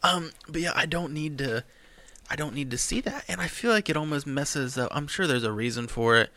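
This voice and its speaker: A man's voice: fairly high pitch, lively intonation, brisk, pushed and bright. A young man from the United States co-hosting a podcast, ranting sarcastically in casual chat. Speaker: podcast co-host.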